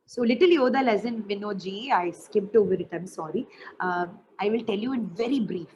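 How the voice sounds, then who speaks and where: A woman leading an online teacher workshop, explaining in a friendly way with quick asides. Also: medium pitch, a little mellow, slight background noise, rough recording. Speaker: teacher trainer.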